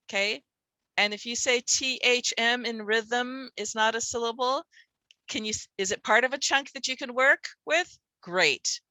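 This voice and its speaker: A woman's voice: a little high, unhurried, sharp tone, no room sound. A woman presenting a workshop for reading teachers, emphatic and full of rhetorical questions.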